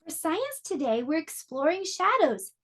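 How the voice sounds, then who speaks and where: Slow, encouraging preschool teacher woman. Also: very high voice, big pitch swings. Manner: slow, encouraging, clearly explaining to small children. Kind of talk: online preschool lesson.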